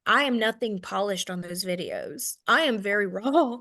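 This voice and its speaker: A woman's voice: medium pitch, animated, normal speed, sharp tone. A woman in her thirties with a Southern American accent, giving a casual, candid sales training talk, self-deprecating and checking in with "okay?" often. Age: 30s.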